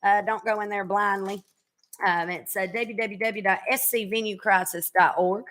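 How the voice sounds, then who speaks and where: A woman's voice: mid-range voice, fairly even intonation, normal speed, fairly bright tone. A woman in her thirties hosting a casual podcast chat, chatty and teasing, with a drawl and frequent fillers. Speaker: podcast host.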